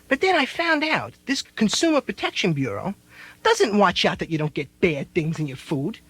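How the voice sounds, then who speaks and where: High-voiced, rambling young stand-up comic. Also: male voice, wildly swooping pitch, normal speed, fairly bright tone, slightly rough, no room sound. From United States. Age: 20s. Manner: loose, rambling hipster slang, laughing as he talks. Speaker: stand-up comedian. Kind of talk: live stand-up comedy.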